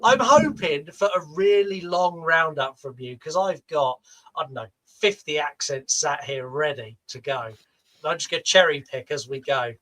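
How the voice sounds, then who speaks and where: Bright, high-voiced Southern British man. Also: animated, normal speed, rough recording. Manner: teasing, playfully bossy. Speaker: podcast co-host. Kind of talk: casual podcast chat.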